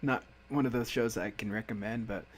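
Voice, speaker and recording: A man's voice: fairly low pitch, fairly even intonation, fairly quick. A man hosting a casual anime review chat, talking loosely and laughing often. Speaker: podcast host.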